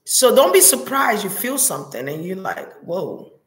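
A woman's voice: medium pitch, big pitch swings, moderate pace, fairly bright tone, roomy sound. A woman giving a spiritual reading as a monologue, talking intensely and repeating prayer words like a chant. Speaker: spiritual reader.

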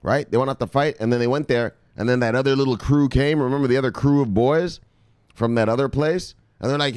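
A man hosting a video, giving his viewers a fired-up, profane pep talk and repeatedly shouting "bang". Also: medium pitch, fairly quick, clean tone, dry recording, clean studio sound. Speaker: crypto video host. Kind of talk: hyped pep-talk vlog.

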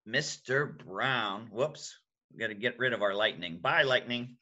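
A man's voice: medium pitch, measured pace, sharp tone, highs cut off. An older man, a grandfather, reading a bedtime story aloud to his grandchildren and playfully coaxing them to copy the sound effects.

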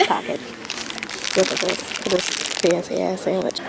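A woman's voice: fairly low pitch, monotone, creaky, background noise. A woman vlogging with a friend on a trip, joking and teasing in casual chat. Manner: joking, teasing, quick asides.

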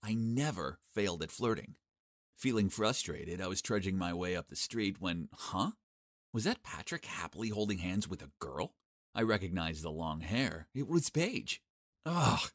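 A young man narrating a first-person animated story in a cocky, sarcastic, expressive way. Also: deep voice, normal speed, no room sound, clean studio sound.

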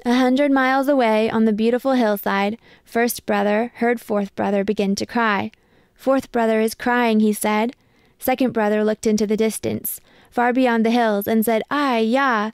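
A woman reads a picture book aloud in a measured, expressive way. Her voice is a little high, gravelly yet smooth, and recorded close and dry. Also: dry recording. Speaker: storybook reader.

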